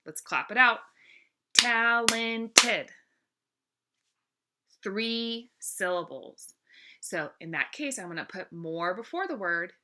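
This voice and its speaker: A woman teaching a grammar lesson, speaking clearly and encouragingly and drawing out each example word. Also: on the low side, pushed and bright.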